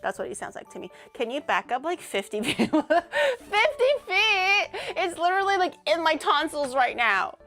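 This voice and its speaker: A woman's voice: on the high side, lively intonation, brisk, creaky, hardly any pauses, sharp tone. A chatty woman hosts a livestream from her home setup, rambling in a bubbly way with plenty of fillers. Faint music plays behind her. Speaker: livestream host. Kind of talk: casual chat.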